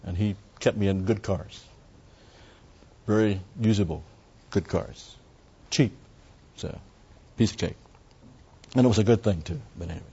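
A man's voice: lowish voice, dark tone, slightly rough, lo-fi sound. Folksy older man teaching scripture. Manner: rambling, folksy, with many digressions and "uh" fillers; slows down and lifts his voice to read verses aloud. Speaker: Bible study teacher. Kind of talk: informal Bible teaching.

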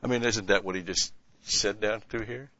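A man with a lowish, forceful voice gives a conversational Bible-study sermon, pushing his pitch and volume up on the points he wants to land and answering his own rhetorical questions. The recording is dull and lo-fi, with a dry, close sound. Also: steady tone, moderate pace, dry recording. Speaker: Bible teacher.

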